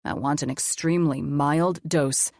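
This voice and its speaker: A woman voicing a calm, gentle male doctor in an audiobook, speaking softly and steadily to reassure. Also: deep voice, measured pace, no echo, studio quality. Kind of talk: audiobook character voice.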